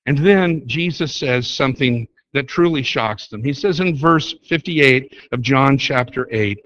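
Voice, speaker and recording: A man's voice: medium pitch, measured pace, few pauses, a bit bright, no echo, muffled recording. A man teaching a Bible study lesson, explaining in an emphatic way and repeating key words to drive points home. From United States.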